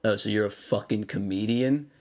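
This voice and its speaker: A man's voice: fairly low pitch, normal speed, pitched below the performer's own voice, natural voice. A man quoting a rude drunk bar promoter. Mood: dismissive.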